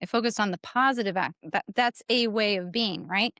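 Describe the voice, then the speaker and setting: A woman's voice: medium pitch, moderate pace, fairly bright tone, dry recording, clean studio sound. A woman co-hosting a parenting talk, explaining points earnestly and repeating what matters. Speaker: parenting podcast co-host. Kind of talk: casual teaching talk.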